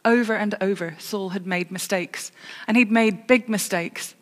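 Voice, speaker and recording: A woman's voice: medium pitch, moderate pace. Woman preaching in a reverberant church. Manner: storytelling with self-corrections and dry humour. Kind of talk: sermon.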